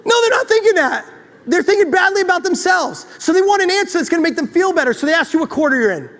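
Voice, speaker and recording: A man giving a motivational talk to a live audience at a chiropractic event, telling a story in an animated, joking, self-deprecating way. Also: very high-pitched, very fast. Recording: long hall reverb.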